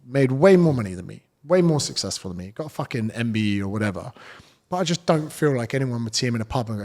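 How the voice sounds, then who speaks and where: A man's voice: medium pitch, lively intonation, quick pace, darkish tone. A man, a fitness coach talking bluntly and swearing freely in a casual podcast chat.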